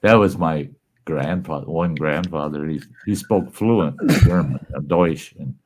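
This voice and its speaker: A man's voice: rumbling low, unhurried, a little mellow. A man hosting a casual chat, telling a long joke in a folksy way and swearing freely. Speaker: host.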